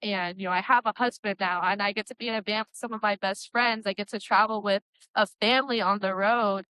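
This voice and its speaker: A woman's voice: medium pitch, fairly even intonation, fairly quick, sharp tone, dry recording, rough recording. Earnest young woman sharing testimony. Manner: earnest, rambling, many likes and you-knows. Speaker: guest, Christian metal singer. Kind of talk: candid personal testimony.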